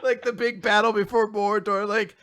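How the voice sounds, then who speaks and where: A man's voice: sits high, level tone, normal speed, heavy background noise. A man co-hosting a casual podcast, joking and laughing a lot and swearing casually. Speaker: podcast co-host. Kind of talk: casual chat, joking riffs.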